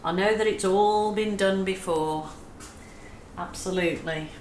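A woman's voice: mid-range voice, a little slow, a little hiss or hum. A woman with an Australian accent chatting her way through a painting tutorial, soothing and self-deprecating as she coaches. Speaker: acrylic pouring artist. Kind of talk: casual painting tutorial chat. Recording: echoey room with faint ambience.

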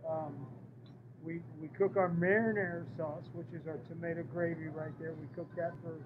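High-voiced man, a proud chef. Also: level tone, moderate pace. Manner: proud, agreeable, promotional. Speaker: restaurant chef. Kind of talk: explaining his dishes to a host. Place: restaurant. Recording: muffled audio with background noise.

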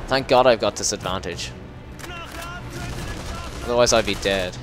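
A man with a lowish voice gives an excitable running commentary over his gameplay, swearing freely and bursting into yells. Game music plays clearly behind him the whole time. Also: moderate pace, pauses often. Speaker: gameplay video host. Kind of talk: let's play commentary. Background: game music and sound effects.

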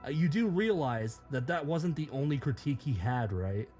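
Male commentator, scripted and sarcastic, profane. Fairly high, very animated delivery. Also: moderate pace, hardly any pauses, soft background music. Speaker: YouTube commentator.

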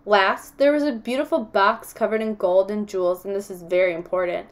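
A woman reading chapters of a novel aloud in a calm, even storytelling voice. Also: medium pitch, a little fast. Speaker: audiobook reader.

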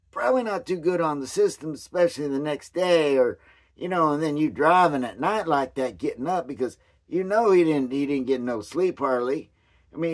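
A man rambling through a casual commentary vlog with a hoarse voice, often losing his train of thought. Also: on the high side. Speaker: commentary vlogger.

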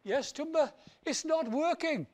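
A man voicing an eager, naive young monkey, speaking high and pleading. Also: animated, unhurried, darkish tone.

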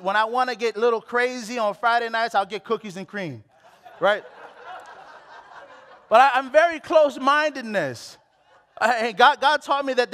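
A man's voice: very high-pitched, a bit bright, big-room sound. A man preaching a sermon, candid and self-deprecating, often repeating phrases for emphasis. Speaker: pastor.

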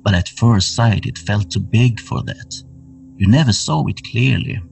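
Slow gravelly-voiced horror game master. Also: male voice, lowish voice, a little mellow. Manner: slow, atmospheric scene-setting. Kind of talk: narrating a horror tabletop game. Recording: somewhat distant mic with music underneath.

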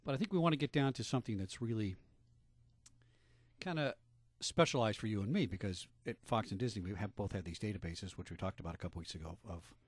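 A man's voice: lowish voice, fast talker, husky, no echo. A man hosting a radio talk show, chatting casually and joking, with many fillers.

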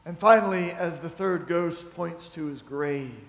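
A man's voice: on the high side, a little slow, creaky. A man preaching a sermon as pastor, retelling a story and acting out its quotes. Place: church sanctuary. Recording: echoey church hall.

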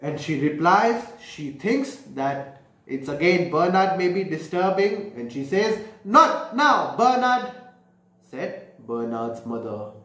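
A man reads a picture book to children slowly and with a lot of lively swing in his voice. He pauses to explain the pictures and asks his young listeners questions, his voice echoing in the room. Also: on the high side. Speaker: storyteller. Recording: echoey room.

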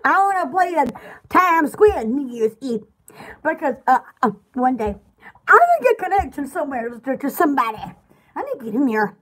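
A woman's voice: sits high, big pitch swings, normal speed, fairly bright tone. A woman hosting a casual live sale of bath products, chatty and giggly, rambling between product lists. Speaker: online shop host selling bath products. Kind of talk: casual live sales chat.

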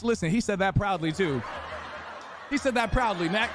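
A young man live-streams a football video game and keeps up a hyped, teasing patter with his chat. His voice sits very high for a man. Loud video game stadium crowd noise and hiss run under his voice. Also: expressive, normal speed. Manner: hyped, shouting out viewers, teasing. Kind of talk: casual livestream chat, reading chat aloud. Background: game stadium crowd and commentary.

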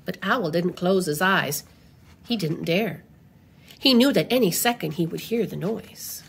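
Slow, expressive woman reading a storybook. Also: lowish voice, vocal fry, slight background noise. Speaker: children's library storyteller. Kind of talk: reading a picture book aloud.

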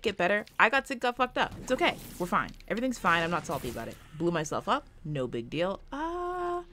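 Fast-talking woman in her twenties. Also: lowish voice, sharp tone, slight background noise. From United States. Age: 20s. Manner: fast-talking, rambling, swears often. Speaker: gaming streamer. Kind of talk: casual gameplay commentary.

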